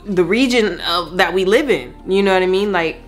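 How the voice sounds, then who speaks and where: A woman vlogger, her voice on the low side, chats at normal speed as she does her makeup at home. The get-ready-with-me talk is casual and rambling, aimed directly at her viewers. Soft background music plays.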